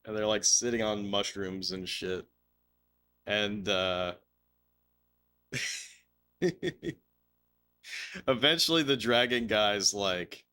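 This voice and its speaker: A man talks through a live game stream at an unhurried pace, his tone bright and forceful. He rambles, swears freely and breaks into laughter between stories. His pitch sits a little low for a man. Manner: rambling, laughing, swearing, slips into silly put-on voices. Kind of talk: casual live-stream chat over gameplay.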